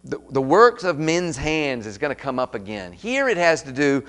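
A man's voice: fairly high pitch, big pitch swings, moderate pace, a bit bright, clear, resonant tone. A man preaching an expository sermon, reading scripture aloud and then commenting with rising emphasis.

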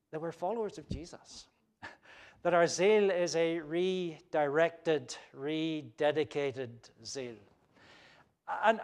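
A pastor delivers a sermon in a slightly raised, light male voice. He talks conversationally with fillers and restarts. He builds to emphatic, ringing peaks before easing back down to a quieter tone. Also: a little high. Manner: earnest preaching, rising to emphatic peaks then dropping soft.

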